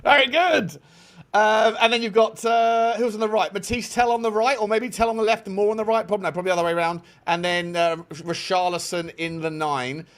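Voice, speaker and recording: A man's voice: high-pitched, steady tone, brisk. A man hosting a football fan show, chatting casually in an exasperated, joking way with some swearing. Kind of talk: casual chat.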